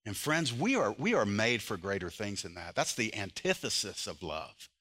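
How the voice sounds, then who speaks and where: A man preaching a sermon as pastor, moving between loud, impassioned emphasis and quiet, earnest intensity. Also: lowish voice, sing-song, moderate pace.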